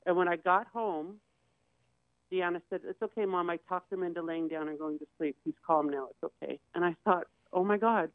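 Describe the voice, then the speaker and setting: A woman's voice: lowish voice, fairly quick, dry recording. Woman guest recounting a hard story, plain and candid, thin lo-fi line. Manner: candid, acts out quoted voices. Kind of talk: personal storytelling on a talk show. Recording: tinny phone-like dry sound.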